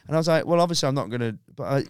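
Animated man telling a story. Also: mid-range voice, racing, smooth, no echo, studio quality. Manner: animated, acts out dialogue in raised voice. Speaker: comedian guest. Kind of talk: casual storytelling chat.

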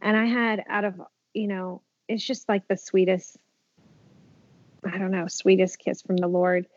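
Two sentences: A woman in her thirties tells stories on a podcast, animated and heartfelt, often restarting her sentences. Her voice is mid-pitched and close to the mic in a dry space, and the recording sounds a bit dull. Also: unhurried, no echo. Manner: animated storyteller, many restarts and fillers. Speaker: podcast guest, wellness community founder. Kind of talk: casual interview chat. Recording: dull, slightly muffled podcast audio.

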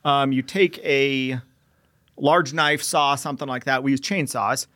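A man's voice: medium pitch, a little slow. A young man telling a story in a casual interview, acting out bits of radio talk as he goes. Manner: animated storyteller who acts out radio dialogue. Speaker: guest, veteran entrepreneur.

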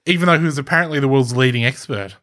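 A man's voice: mid-range voice, rapid-fire, fairly bright tone. A man with an Australian accent who presents the topic in a wry, joking way as a podcast co-host. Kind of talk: casual chat.

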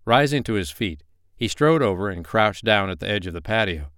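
A man narrating a romance novel chapter in a steady, even reading. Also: fairly low pitch, fairly quick, dry recording, studio quality. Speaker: audiobook narrator. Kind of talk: scripted narration.

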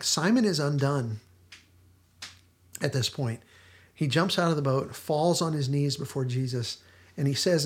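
A male podcast host casually discussing a TV episode, retelling its scenes with lots of restarts and fillers. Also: fairly high pitch.

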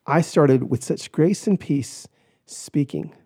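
A man tells a personal story as a podcast guest, animated and expressive, slipping into the voices of the people in it. His voice sits a little high but sounds mellow and warm. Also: takes it slowly. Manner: animated, acts out quoted voices, shouts in retelling.

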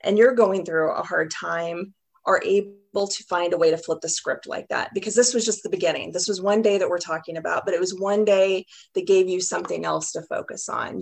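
A woman hosts a podcast interview with a gravelly, creaky edge to her voice. She speaks with open emotion, close to tears, praising her guest. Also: on the low side. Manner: emotional, warm-hearted praise, near tears. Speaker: host.

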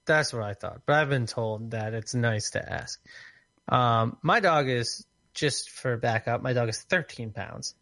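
A man chatting casually on a podcast, telling an animated, joking story. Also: medium pitch, unhurried, gravelly, no echo.

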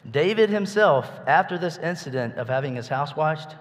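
A man's voice: a little high, animated, moderate pace. A man preaching a sermon in a conversational way, asking his listeners rhetorical questions. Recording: echoey hall with long reverb.

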